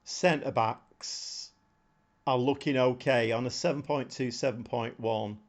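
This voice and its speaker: A man streaming a football management game, commenting live on the match and shouting at the screen when it gets exciting. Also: mid-range voice, slow. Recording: slightly dull lo-fi sound.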